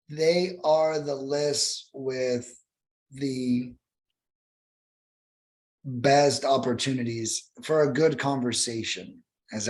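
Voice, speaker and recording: A young adult man speaking casually as a podcast guest, animated and profane, acting out callers in high voices. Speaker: guest, cold calling expert.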